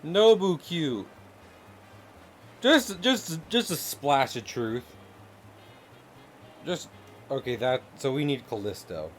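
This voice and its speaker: A man's voice: on the high side, lively intonation, slow, pauses often. Joking guy on a drawing stream, laughs a lot, chats with viewers, faint music behind. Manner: playful, joking, laughs often, talks to chat. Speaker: live streamer and artist. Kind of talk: casual live-stream chat while drawing.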